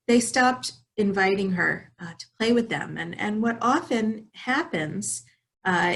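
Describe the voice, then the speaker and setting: A woman pastor telling a fable during a sermon, in a gentle manner with hesitant fillers. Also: medium pitch. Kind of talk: storytelling in a sermon.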